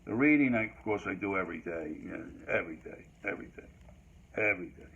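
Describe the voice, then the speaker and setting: A man's voice: low-pitched, animated, quick pace, fairly bright tone, slightly rough. An older man hosting a history talk, giving a rambling solo monologue full of fillers and restarts. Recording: dull lo-fi recording.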